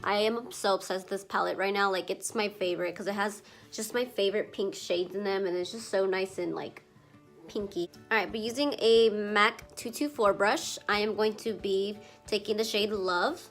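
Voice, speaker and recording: A woman's voice: mid-range voice, steady tone, moderate pace, a bit bright, faint music behind. A young woman doing a chatty makeup tutorial, a little congested from allergies, with lots of filler words and some casual swearing. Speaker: beauty vlogger.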